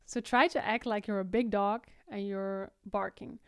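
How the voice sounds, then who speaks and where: A woman teaching singing, explaining technique and breaking into loud, high vocal exercises between her explanations. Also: steady tone, measured pace, smooth, dry recording, studio quality. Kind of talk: vocal tutorial with sung demonstrations.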